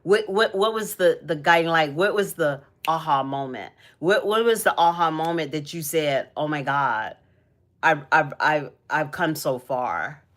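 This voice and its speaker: Young woman on her livestream, low voice, slow and rambly, gets emotional easy. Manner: emotional, rambling with many restarts. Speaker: livestream host. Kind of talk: casual livestream chat.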